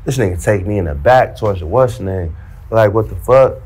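A man with a fairly low voice tells his story in loose, slang-heavy talk. He acts out the back-and-forth himself, with lively energy. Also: a little fast, slightly rough. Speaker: storyteller recounting prison life. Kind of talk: casual storytelling in a played interview clip.

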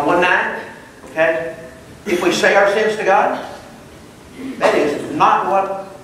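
A man's voice: high voice, a bit bright, slight background noise. A man teaching a Bible class, reading verses aloud and explaining them phrase by phrase. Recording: distant mic in a very echoey room.

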